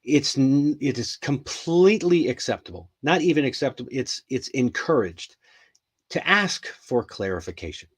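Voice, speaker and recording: A middle-aged man runs a casual live English lesson, with a voice of ordinary middle pitch. He talks in a loose, rambling way, full of ums, repeated words and restarts. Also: sing-song, normal speed, breathy edge. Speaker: English teacher hosting a live stream.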